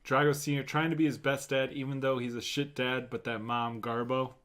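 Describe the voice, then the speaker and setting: A man's voice: mid-range voice, flat delivery, brisk, fairly bright tone. A man co-hosting a casual talk show, adding brief amused comments. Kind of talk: casual chat.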